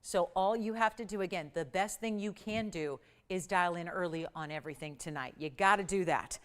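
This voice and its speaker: A woman's voice: on the low side, fairly quick, hardly any pauses. A woman hosting a live TV jewelry shopping show, pushing deals with urgent, upbeat sales patter and counting prices down. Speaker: shopping channel host. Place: TV studio.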